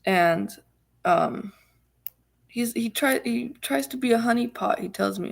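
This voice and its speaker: A woman's voice: fairly high pitch, a little slow, creaky. A woman vlogger telling a personal story in a rambling, casual way, full of fillers and emphatic repeats.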